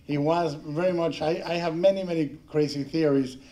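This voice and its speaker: A middle-aged man from Mexico speaking as a panelist at a film tribute, telling rambling, halting anecdotes with frequent restarts and laughter. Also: a little high, fairly even intonation, warm tone. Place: panel before an audience.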